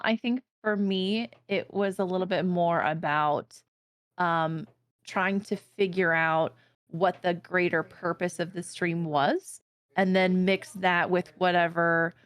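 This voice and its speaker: A woman co-hosting a stream in casual chat, playful and joking, earnest when she explains her goals. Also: lowish voice. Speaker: streamer co-host.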